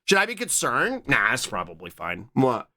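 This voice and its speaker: A man chatting casually on a live stream, reading and answering his chat with quick, repeated "what?" interjections. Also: medium pitch, wildly swooping pitch, sharp tone.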